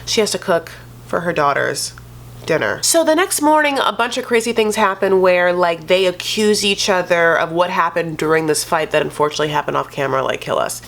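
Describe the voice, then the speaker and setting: A woman's voice: on the low side, animated, a little fast, vocal fry, fairly bright tone. Sassy gossiping woman. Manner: sassy, gossipy, says "honey" and "like" constantly. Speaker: reality TV recap vlogger. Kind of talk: casual commentary.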